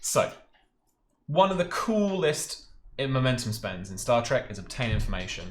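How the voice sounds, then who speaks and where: A chatty man acting as game master, talking in a middle-pitched voice with frequent laughs and stumbling restarts. He sounds like he is in an echoey room, with a faint hiss underneath. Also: very animated, normal speed. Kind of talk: running a tabletop game, casual.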